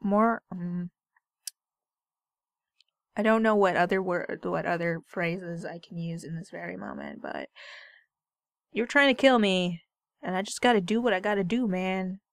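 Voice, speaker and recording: A woman's voice: fairly low pitch, unhurried, gravelly, pauses often, no echo. A woman giving casual gaming commentary, bantering playfully and sarcastically with the character on screen. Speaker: let's play gamer.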